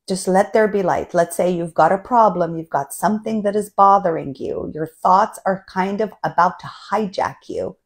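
A woman's voice: mid-range voice, normal speed, few pauses, darkish tone. A woman spiritual coach speaks in a casual, enthusiastic way. She keeps checking in with her listeners as she goes. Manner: enthusiastic, repeats "right?" often.

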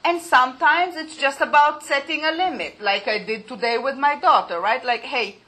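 A woman's voice: high-pitched, normal speed, pushed and bright, low-quality recording. A middle-aged woman giving an informal lecture, explaining in a conversational way with acted-out examples.

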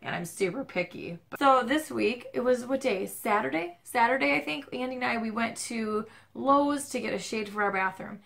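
A woman's voice: fairly high pitch, normal speed, gravelly, few pauses, fairly bright tone. A Midwestern American woman vlogging from home, rambling and self-deprecating, her voice strained and stuffed up. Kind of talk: casual chatty vlog. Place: home at night, dim lighting. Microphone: camera mic, handheld shaky camera.

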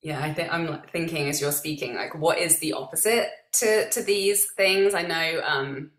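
A woman's voice: low-pitched, moderate pace, a bit bright. A woman hosting a podcast, thinking aloud reflectively in casual conversation. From United Kingdom. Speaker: podcast host. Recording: echoey room.

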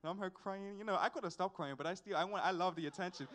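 A young man, telling a personal testimony at a church service in an animated, repetitive storytelling way with sighs and asides. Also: high voice, quick pace. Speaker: church member giving a testimony.

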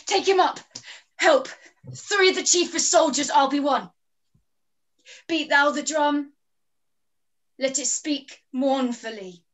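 A woman's voice: high voice, slow pace, long pauses, a bit bright. A British woman playing a proud male warrior general who now grieves, speaking solemn verse in an online Shakespeare reading over a video call. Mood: solemn, sorrowful.

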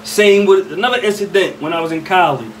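A man's voice: high voice, brisk. A young man from Philadelphia telling a street story casually, rambling with street slang and constant "you know what I mean". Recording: slightly distant mic with faint ambient noise.

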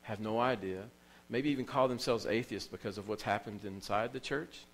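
A man's voice: on the low side, normal speed, rough recording. A man preaching a sermon in a church as pastor, telling stories with emotion and repeating phrases for emphasis.

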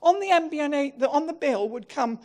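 A woman giving a funeral eulogy. She tells lively, self-mocking stories and laughs as she talks. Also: high voice, brisk.

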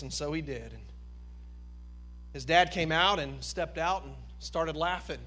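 A male pastor preaching a sermon and telling a story in an emphatic, animated way. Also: a little high, measured pace, long pauses.

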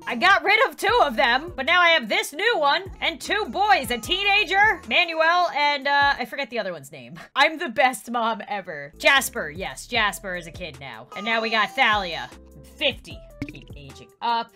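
A young woman with a high, bright voice gives gaming commentary, and her pitch leaps all over the place. She is dramatic, bursting into loud mock outrage and then dropping to low mutters. Soft music plays behind her. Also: lively intonation, moderate pace. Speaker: gaming YouTuber.

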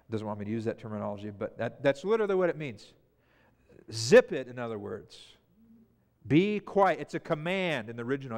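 A man preaching a sermon as pastor, telling the story with lively emphasis and acting out the disciples' cries. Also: mid-range voice, clear, resonant tone. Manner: animated storyteller, acts out the disciples' panic. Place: church sanctuary. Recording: church hall reverb.

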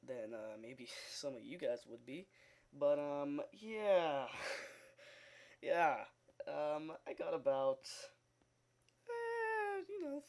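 A man's voice: a little high, darkish tone. A young man giving casual, rambling game commentary, full of fillers, restarts and laughter, into a sound recorder. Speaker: gaming video host.

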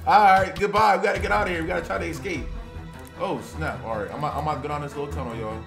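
A woman doing excited gameplay commentary as a family YouTuber playing a video game with her child. She talks loudly and jumpily, often yelling in fright and chatting to her viewers. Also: sits low, rapid-fire, gravelly. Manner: jumpy and loud, shrieking and yelling when scared, chatting to viewers. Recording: roomy sound with game music behind.

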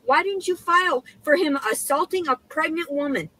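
A woman's voice: high voice, moderate pace, sharp tone, rough recording. A woman in a heated rant, agitated and stammering, swearing constantly. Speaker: woman filmed in her own posted videos.

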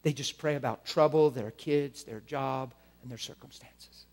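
A man preaching a sermon, modeling prayers aloud and moving between hushed murmured prayer and loud, fervent declaration. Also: medium pitch, a little slow, gravelly.

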